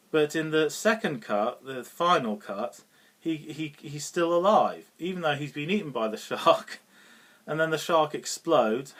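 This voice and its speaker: A man's voice: fairly high pitch, fairly bright tone. A British man giving a casual, rambling film review, often chuckling and restarting his sentences. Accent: British English. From Britain.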